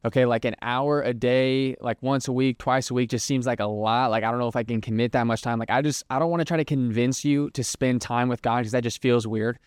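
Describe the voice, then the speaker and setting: A man's voice: medium pitch, steady tone, a little fast, few pauses, smooth, no echo, studio quality. A young man hosting a Christian podcast, talking casually with lots of fillers and acting out made-up quotes. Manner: conversational, filler-heavy, lots of "like", acts out hypothetical quotes. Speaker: podcast host. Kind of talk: casual Christian teaching monologue.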